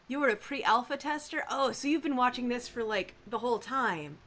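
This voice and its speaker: Chatty higher-voiced woman streamer. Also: moderate pace, few pauses. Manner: animated, playful, reacting to chat. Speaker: live streamer. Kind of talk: casual live-stream chat with viewers.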